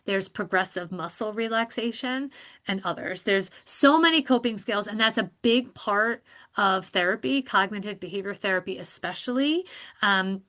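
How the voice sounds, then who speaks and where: A woman psychologist guest on a podcast, explaining therapy and coping skills in a lively, talkative way, laughing often. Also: mid-range voice. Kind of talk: podcast interview.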